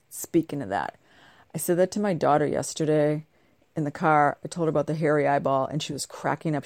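A woman's voice: deep voice, darkish tone, no echo, clean studio sound. A middle-aged woman chatting casually to camera at home, bubbly and rambling, her voice a little nasal from a congested cold. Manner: bubbly, chatty, wandering asides. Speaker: vlogger.

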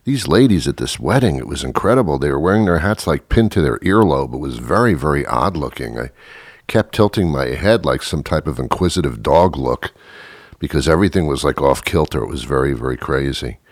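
A male podcast host telling a rambling comic story in a deadpan way, repeating himself and filling gaps with "uh.". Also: a bass voice, a little fast, no room sound, studio quality.

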